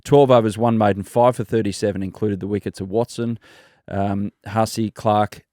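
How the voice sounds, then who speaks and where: A man's voice: lowish voice, steady tone, normal speed, mellow, no echo, clean studio sound. An Australian man hosting a podcast, asking guests questions and reading out stats. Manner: leading questions, reads out stats. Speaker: podcast host.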